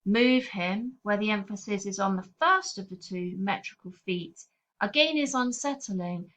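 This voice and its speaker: Casting note: female teacher, clear steady explainer, mid pitch, slightly dull lo-fi audio. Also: moderate pace. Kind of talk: recorded poetry lesson.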